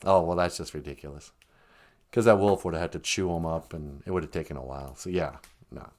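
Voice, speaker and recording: A man's voice: extremely low pitch, fairly quick, a little mellow. A man telling a folk tale casually on a live stream, rambling with joking asides and self-corrections. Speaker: storyteller.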